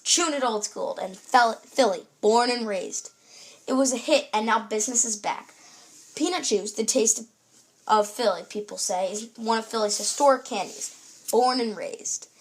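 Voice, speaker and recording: A young woman presenting a scripted food show in an upbeat, read-aloud presenter tone. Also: on the high side.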